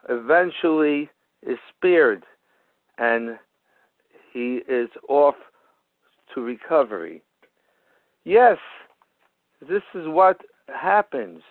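High-voiced male preacher on a tinny line. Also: no echo. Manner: storytelling with frequent repetitions and restarts. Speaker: Torah teacher. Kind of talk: sermon with parable. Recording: tinny phone-like radio broadcast.

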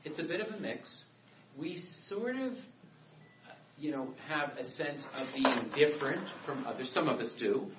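A man's voice: fairly high pitch, animated, normal speed, heavy background noise. A man giving a classroom lecture, talking in a discursive, conversational way with many asides and restarts. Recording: echoey room from a distance, dull and muffled.

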